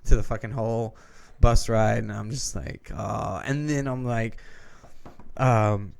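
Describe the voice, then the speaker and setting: A man's voice: mid-range voice, steady tone, unhurried, creaky, clear, resonant tone. A man co-hosting a podcast who tells a long story in a casual, rambling way, swearing often and restarting his sentences. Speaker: podcast co-host.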